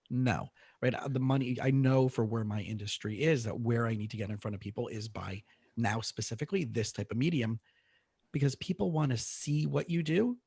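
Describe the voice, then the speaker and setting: A man's voice: medium pitch, brisk, gravelly, darkish tone, husky, dry recording, clean studio sound. A man, a therapist and coach, hosting a podcast interview and talking in a conversational way. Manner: conversational, often asks "right?".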